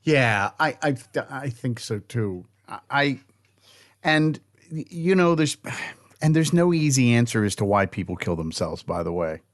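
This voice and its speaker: A man's voice: medium pitch, lively intonation, dry recording, clean studio sound. Earnest stammering man co-host. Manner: halting, stammering restarts, earnest. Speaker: podcast co-host. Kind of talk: casual chat.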